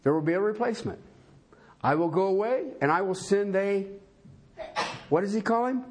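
A male pastor preaches a sermon at normal speed, reading scripture aloud and swinging from loud, rising emphasis to low, quiet, folksy asides. There's a little hiss or hum on the recording.

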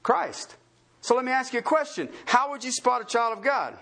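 High, lively male preacher. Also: moderate pace, creaky. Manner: animated, asks the congregation many questions. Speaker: pastor. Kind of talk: sermon.

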